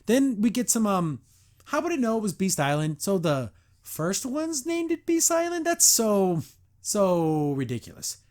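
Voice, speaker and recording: A man's voice: high voice, sing-song, a little slow, a little mellow. A man hosting a podcast, reviewing a cartoon episode in a sarcastic, exasperated way and acting out the characters' lines.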